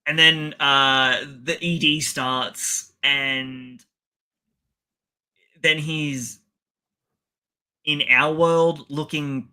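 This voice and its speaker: A podcast co-host with a bright, forceful, slightly high voice and clean tone chats casually through an episode recap. His intonation stays fairly even as he rambles, laughs often and drops into quick character impressions.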